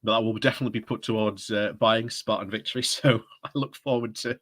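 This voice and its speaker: A man's voice: on the low side, fairly even intonation, fast talker, fairly bright tone. A man hosting a casual live stream, chatty and often breaking into laughter as he talks. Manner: giggly, chatty, often laughing mid-sentence.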